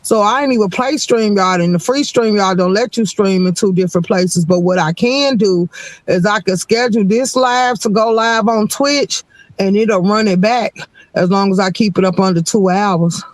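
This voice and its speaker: High-voiced man hosting a laid-back stream. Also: moderate pace, no room sound. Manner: rambling, laid-back, chatty. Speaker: live stream host. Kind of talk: casual streaming chat.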